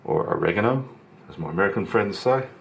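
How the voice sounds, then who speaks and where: A man hosting his home cooking channel, talking through each step in a relaxed, chatty way from his kitchen. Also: low-pitched, unhurried, slight background noise. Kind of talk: casual cooking demonstration.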